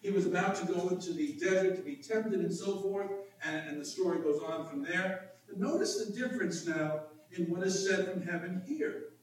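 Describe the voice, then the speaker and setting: High-voiced pastor in an echoey hall. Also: male voice, moderate pace, hardly any pauses. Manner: explanatory, animated, with repeated restarts. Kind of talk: sermon. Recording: echoey room from a distant mic.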